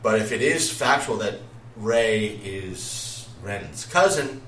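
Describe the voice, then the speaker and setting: A man's voice: on the low side, animated, slow. A man hosting a casual podcast chat, rambling through news with many filler sounds and restarts. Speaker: podcast host. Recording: echoey room, distant mic, faint noise.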